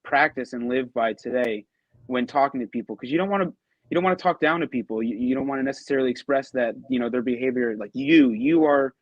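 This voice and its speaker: A man's voice: medium pitch, quick pace, no room sound, muffled recording. A man talking as a guest on a casual relationship show, thoughtful and often restarting sentences. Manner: thoughtful, many restarts and fillers. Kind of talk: casual podcast chat.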